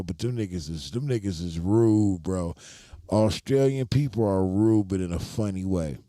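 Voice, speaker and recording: A man talks loosely to his live-stream viewers, laid-back and rambling, swearing freely. His voice sits very low and mellow. The sound is close and dry, with no room around it. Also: no room sound. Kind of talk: casual live-stream chat.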